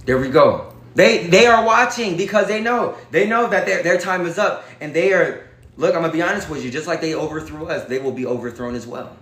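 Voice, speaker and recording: Emphatic high-voiced man in an echoey room. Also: brisk, a bit bright. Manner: emphatic, preachy, addresses viewers as y'all. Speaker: vlogger. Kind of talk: casual direct-to-camera talk.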